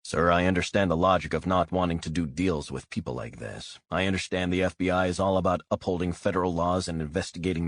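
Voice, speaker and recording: A man voicing a blunt, hot-headed male operative who argues forcefully and swears. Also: low-pitched, no room sound, studio quality.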